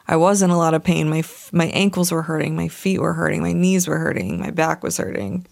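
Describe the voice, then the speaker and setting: A woman's voice: low-pitched, brisk, creaky, darkish tone. A woman hosting a podcast, telling a personal story in a candid, emotional way with many "like" fillers, at times tearful. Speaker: podcast host.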